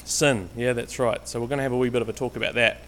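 Quick-paced and fairly bright, this man's medium-pitched voice stays fairly even, with slight background noise. As a guest lay preacher from Canterbury, New Zealand, he gives an offhand church talk riddled with ums and restarts. He speaks through a stage microphone, sometimes stepping away from it.

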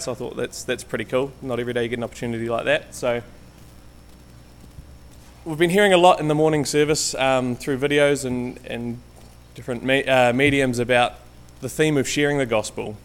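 A man's voice: mid-range voice, steady tone, brisk. A man giving an informal, hesitant church talk, full of ums and restarts, sometimes stepping away from the mic. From Canterbury, New Zealand. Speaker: guest lay preacher. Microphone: stage microphone, sometimes walking away from it.

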